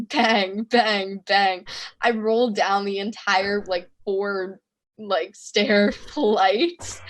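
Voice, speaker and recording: A young woman in a relaxed podcast interview, rambling happily through a story with plenty of fillers. Her voice sits at an everyday middle pitch. She laughs easily as she talks. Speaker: musician guest. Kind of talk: casual interview chat.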